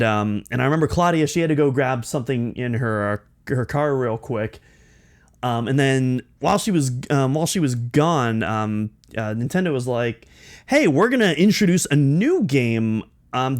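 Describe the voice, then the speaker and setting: Young male podcast host, excitable storyteller, stumbles and restarts, mid pitch. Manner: excitable, many restarts and fillers. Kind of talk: personal storytelling.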